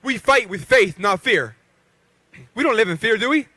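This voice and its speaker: A man's voice: high voice, lively intonation, normal speed, sharp tone, dry recording. A man in his thirties from western Pennsylvania, a professional boxer giving a rousing rally speech with call-and-response to the crowd. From Beaver County, Pennsylvania.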